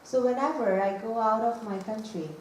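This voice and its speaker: A woman from Bangladesh giving a measured, emphatic personal monologue on an auditorium stage. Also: on the high side. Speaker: monologue performer. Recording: echoey hall, distant mic, faint hiss.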